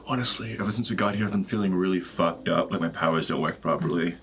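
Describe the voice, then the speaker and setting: A man's voice: low voice, fast, few pauses, background noise. A man player in a tabletop game who speaks in character with joking, offbeat asides.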